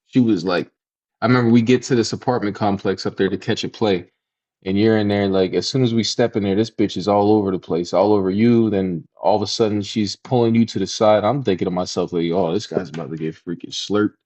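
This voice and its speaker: A man co-hosting a podcast, telling stories from his youth in casual chat and jumping up in pitch when he acts out reactions. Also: a little fast. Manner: animated storyteller, jumps high when mimicking reactions. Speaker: podcast co-host.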